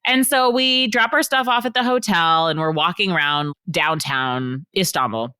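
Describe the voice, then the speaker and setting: Low bright-toned woman, podcast guest, animated storyteller, dry sound. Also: normal speed, clean tone, no room sound. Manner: animated, acts out quotes. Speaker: author guest. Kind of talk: casual storytelling in a podcast interview.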